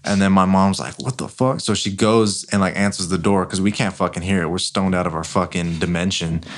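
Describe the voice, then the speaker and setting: A man's voice: low-pitched, fairly even intonation, a little fast. A young man hosting a podcast, casually telling stories full of profanity and filler words. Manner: rambling profane storytelling, heavy use of filler "like". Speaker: podcast host. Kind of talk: casual chat.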